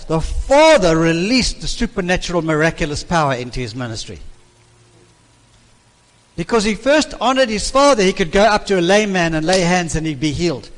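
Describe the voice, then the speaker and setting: An older man, a minister, teaching in an emphatic preaching manner and repeating key phrases. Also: high voice. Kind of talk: sermon-style teaching. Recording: reverberant hall.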